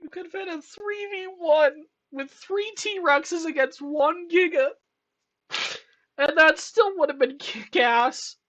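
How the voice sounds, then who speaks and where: An excitable woman giving a casual reaction commentary, swearing freely and breaking into emotional outbursts. Her voice sits fairly high and sounds bright and forceful. She draws her words out at an unhurried pace. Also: dull audio. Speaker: channel host reviewing films.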